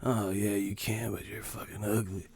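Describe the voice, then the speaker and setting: A man doing a sneering low troll. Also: level tone, gravelly, a little mellow, husky, dry recording. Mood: mocking. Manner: low, mocking, drawn-out taunts. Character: sneering male internet troll.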